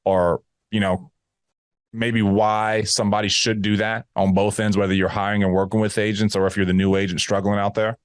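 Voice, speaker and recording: A man's voice: fairly low pitch, moderate pace, clean tone, no room sound. Emphatic man coaching, dry sound. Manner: emphatic, animated, acts out sales calls. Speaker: agency manager mentoring a new agent. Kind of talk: casual coaching talk.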